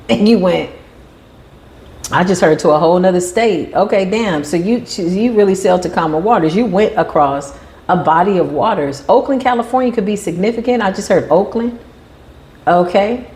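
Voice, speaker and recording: A woman giving a tarot reading in an animated, emphatic way, sometimes acting out the voices of the people she describes. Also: medium pitch, normal speed. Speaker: tarot reader.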